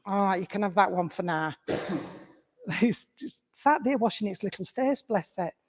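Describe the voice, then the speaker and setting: An English woman works as a medium, talking to one listener in a friendly, informal way and calling her sweetheart and darling. Her voice is mid-pitched. It rings out with a long reverb in a village hall. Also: animated, a little slow, slightly rough. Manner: chatty, affectionate, calls listener sweetheart and darling. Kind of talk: mediumship demonstration addressing an audience member.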